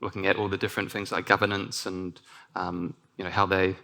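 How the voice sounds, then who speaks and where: A man with a New Zealand accent presents at a conference. His voice sits a little low, with a gravelly, bright edge. He talks in a loose, relaxed way, full of ums and self-corrections. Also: fairly quick. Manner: relaxed, with frequent ums and restarts. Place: conference stage.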